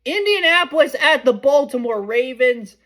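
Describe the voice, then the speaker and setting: This podcast host is a young man with a very high voice who talks at normal speed. He makes casual sports predictions, sounding chatty and excitable, and often stops to correct himself partway through a sentence.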